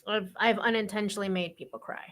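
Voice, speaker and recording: A woman co-hosting a casual talk show, with a sarcastic, deadpan delivery. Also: medium pitch, fast. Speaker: podcast co-host. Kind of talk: casual chat.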